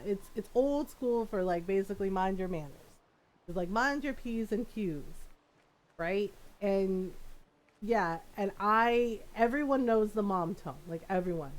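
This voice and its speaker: A woman's voice: medium pitch, a little mellow. A woman streamer telling a story in casual chat, talking in a loose, chatty way with lots of "like" and frequent laughs. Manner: chatty, laughs often, leans on "like" and restarts.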